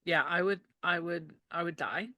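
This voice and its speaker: A woman's voice: fairly low pitch, normal speed, sharp tone, no room sound, clean studio sound. Giggly woman co-hosting a podcast. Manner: giggly, playful, acts out quotes. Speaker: podcast co-host. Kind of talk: casual chat.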